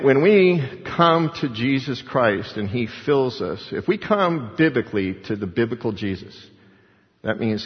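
Earnest man preaching in an echoing hall. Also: medium pitch. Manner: earnest, emphatic, quotes scripture and acts out prayers. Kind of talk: sermon. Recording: dull sound with long hall reverb.

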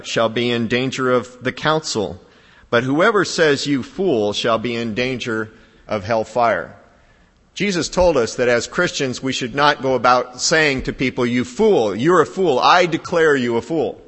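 A man's voice: mid-range voice, a bit bright. Male preacher, sermon, mid-range voice, conversational then emphatic, long church-hall reverb. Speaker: pastor.

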